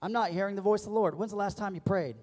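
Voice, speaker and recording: Male pastor, high voice, emphatic sermon delivery, church hall echo. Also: very fast. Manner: preaching with call-and-response, rising to loud emphatic peaks. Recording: long church reverb.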